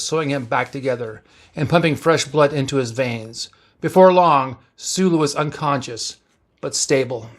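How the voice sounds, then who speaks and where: A man reading a science-fiction story aloud as narrator, in plain, even storytelling. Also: medium pitch.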